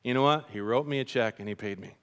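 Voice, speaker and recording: A man voicing a frustrated male construction worker who grumbles in a low, exasperated way. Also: fast talker, clean tone, natural voice. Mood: amazed.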